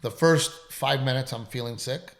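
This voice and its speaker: A man with a gravelly, creaky voice tells a story in a casual podcast chat. His delivery is emphatic, and he swears freely. He sounds congested, as if he is recovering from being sick. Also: mid-range voice, normal speed. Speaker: comedian.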